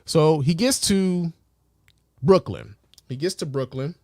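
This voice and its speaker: A man hosting a podcast in a loose, casual way, swearing often, filling pauses with fillers and asking the listener rhetorical questions. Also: fairly high pitch, dark tone, no echo, clean studio sound. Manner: loose, profane, heavy with fillers. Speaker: podcast host.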